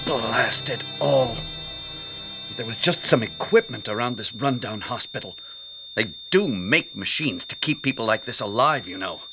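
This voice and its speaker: An actor playing a weary, bitter hospital doctor in a radio drama, brusque and scornful. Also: male voice, fairly low pitch, expressive, moderate pace, over music, lightly acted.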